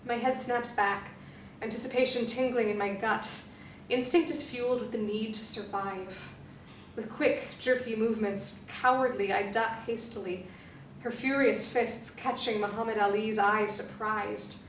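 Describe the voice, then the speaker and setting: A woman reads a novel excerpt dramatically, phrasing slowly and deliberately, with a flat, even pitch. Her voice sits far from the mic in an echoey room. A faint hum runs underneath. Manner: slow, deliberate phrasing with pauses. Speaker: performer reading a novel excerpt. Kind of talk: dramatic literary reading.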